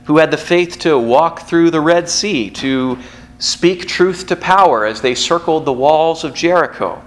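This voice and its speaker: A man's voice: fairly high pitch, measured pace. A man pastor preaching a sermon in a church, in a conversational storytelling manner with asides.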